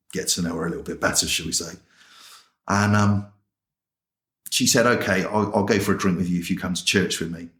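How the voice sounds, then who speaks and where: A man's voice: low voice, fairly bright tone, echoey room. A man from England, a chaplain telling his personal testimony in a plain-spoken, colloquial way and acting out remembered dialogue. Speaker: chaplain and interview guest. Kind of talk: personal testimony told as a story.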